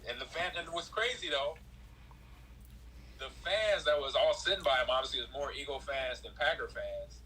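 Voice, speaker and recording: Animated storytelling man, plain mid voice. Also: medium pitch, moderate pace, slight background noise, low-quality recording. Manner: animated storyteller, acts out quotes in a raised voice. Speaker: former football player, guest. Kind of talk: casual storytelling chat.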